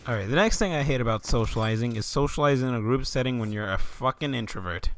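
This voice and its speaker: A man's voice: medium pitch, quick pace, few pauses. Profane, exasperated young man ranting. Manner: exasperated, profane, stammering outbursts. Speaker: vlogger. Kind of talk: comedic rant vlog.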